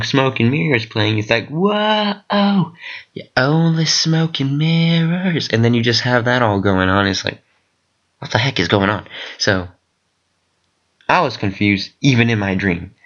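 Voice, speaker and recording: A man telling a long rambling story in a casual vlog, excitable and full of fillers. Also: mid-range voice. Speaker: vlogger. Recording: dull lo-fi recording.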